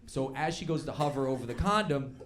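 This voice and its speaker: A man doing stand-up storytelling on stage, animated and laughing along as he acts out the voices in his story. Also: medium pitch, fairly quick, heavy background noise. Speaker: stand-up comedian. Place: comedy club stage before a live audience. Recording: stage mic with loud crowd laughter.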